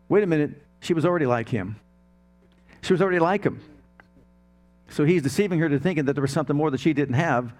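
Pastor, male, middle-aged, slightly higher voice; emphatic sermon delivery, questioning the congregation. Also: fast talker, long pauses, darkish tone, faint music behind. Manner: emphatic preaching with rhetorical questions.

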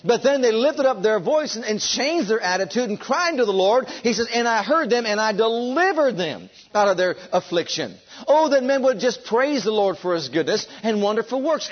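High-voiced fervent male preacher. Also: expressive, highs cut off. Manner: fervent, drawn-out emphatic delivery; leads the congregation in call and response. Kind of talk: sermon.

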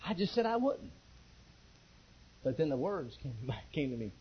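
Guy preaching a sermon, high and kinda husky, telling his testimony, acting out the dialogue, muffled lo-fi recording. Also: moderate pace. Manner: animated storytelling, acts out quoted dialogue. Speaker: pastor. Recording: dull lo-fi recording.

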